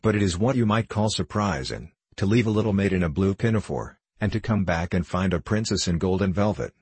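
A man's voice: low-pitched, fairly quick, a little mellow, slightly rough, no echo. A man doing a meek, folksy old sea captain. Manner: folksy rustic drawl with dropped endings.

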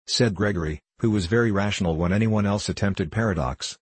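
A man narrating a novel in an audiobook, in a measured, storytelling way. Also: on the low side, slightly rough, no echo. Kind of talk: scripted narration.

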